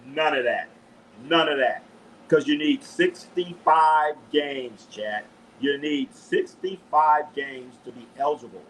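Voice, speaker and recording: A man's voice: on the high side, takes it slowly, a little hiss or hum, rough recording. A man from Los Angeles hosting a live sports show, talking in a loose, profane, trash-talking way. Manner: animated, profane trash talk. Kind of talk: casual live sports chat.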